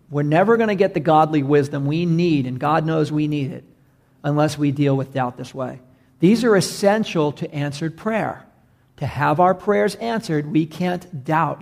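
Pastor, man, gravelly and a bit high, earnest sermon delivery with repetition. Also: a little mellow. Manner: earnest, building emphasis with repeated phrases.

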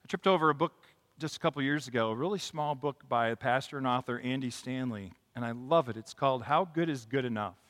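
Bright-voiced man preaching in a reverberant hall. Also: medium pitch, quick pace. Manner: builds from quiet reflection to impassioned emphasis. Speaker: pastor. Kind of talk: sermon.

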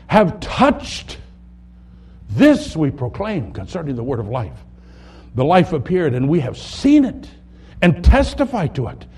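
A man preaching a sermon, reading scripture aloud, dropping to a near whisper and rising to loud emphasis, slowing down on key words. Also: high voice. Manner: dramatic swings from hushed to loud, slows on key words.

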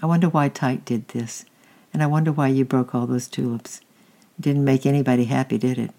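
A reader voicing a kind, patient aunt who gently comforts and coaxes a child and preaches a little. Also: mid-range voice, fairly even intonation, fairly quick, vocal fry, close to an everyday voice. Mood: gently preaching.

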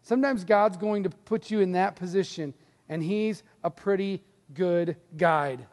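High-voiced pastor preaching in a reverberant hall. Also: male voice, unhurried. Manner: animated storytelling, acts out quoted voices. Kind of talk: sermon.

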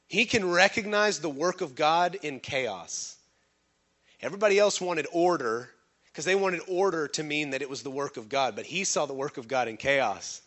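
High-voiced man preaching to his congregation. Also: normal speed. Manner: animated preaching with call-and-response questions to the congregation; acts out quoted voices with sudden pitch jumps. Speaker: pastor. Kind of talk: sermon.

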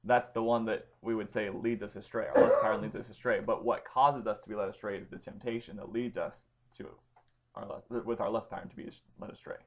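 A man's voice: on the low side, steady tone, a little fast, background noise. A man leading a casual Bible study, explaining Greek grammar with emphasis and frequent ums. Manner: informal, stresses key words, many ums and restarts.

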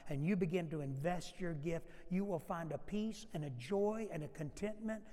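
A man's voice: fairly high pitch, normal speed, warm tone. A man pastor preaching an emphatic sermon and acting out Bible dialogue. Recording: long hall reverb.

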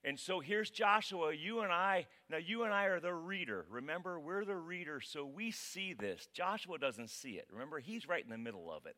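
A man preaching a casual, conversational sermon as pastor, dramatic and animated. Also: fairly high pitch, normal speed, hardly any pauses.

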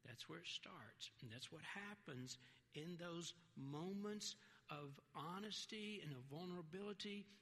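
A male pastor delivers a conversational, earnest sermon. His voice sits high and sounds bright and forceful. A long reverb from a large hall trails after his words. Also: a little slow. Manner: conversational, earnest, breaks into quoted voices and light laughs.

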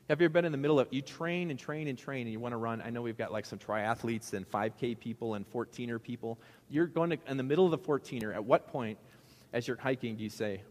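A man's voice: medium pitch, fast talker, in a large hall. A male pastor giving a sermon in a conversational, joking way, asking the congregation questions.

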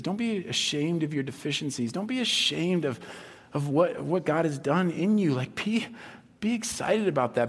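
A man preaching a sermon as a pastor, telling stories with animated delivery and acting out the voices of the people he quotes. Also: fairly high pitch, breathy edge. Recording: long hall reverb.

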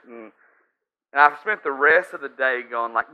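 Speaking briskly in a mid-range voice, a male pastor tells his sermon like a story, chatting with frequent asides to the congregation. The lo-fi recording sounds slightly dull.

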